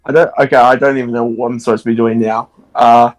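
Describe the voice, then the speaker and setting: A man's voice: medium pitch, level tone, fast talker. A man in a casual gaming chat with friends, flustered, stammering and swearing. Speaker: friend playing along.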